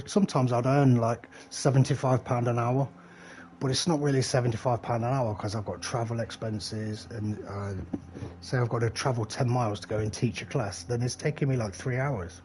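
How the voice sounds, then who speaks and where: A middle-aged man with a medium-pitched, slightly mellow voice plays a game on a live stream, chatting loosely, swearing freely and answering his chat in a rambling way. A little hiss or hum can be heard.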